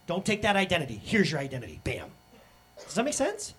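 A man in his thirties preaching a sermon as pastor, animated and acting out the voices he quotes. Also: high-pitched, a little fast, soft background music.

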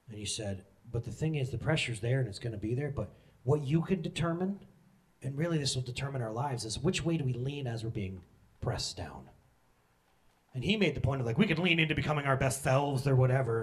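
A man in his thirties preaching a sermon, candid and joking, with sudden loud emotional bursts. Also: mid-range voice. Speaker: pastor.

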